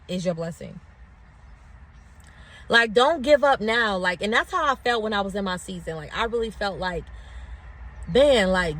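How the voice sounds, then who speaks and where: A woman's voice: on the high side, lively intonation, normal speed, fairly bright tone, slight background noise. A woman leading a casual motivational faith talk. She talks conversationally, often says "like" and "right?", and builds to repeated preaching phrases. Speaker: faith ministry speaker.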